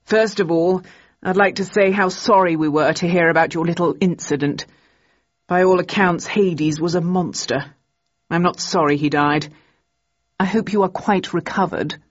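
A woman voicing a grey-haired gentleman in his seventies with courteous, old-fashioned formal speech. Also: fairly low pitch, steady tone, normal speed, natural voice. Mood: cordial. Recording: dull, muffled recording.

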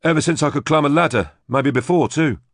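A man's voice: fairly high pitch, a little fast, no room sound, clean studio sound, voice pushed up. A man voicing an earnest young male farm worker of about twenty who is eager to please.

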